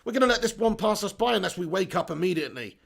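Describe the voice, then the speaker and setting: A man's voice: high-pitched, very animated, racing, gravelly, a bit bright. A man hosting a live football watch-along, commentating on play, reading out chat comments and ranting at his team. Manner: exasperated, swears casually, rants at own team. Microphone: phone.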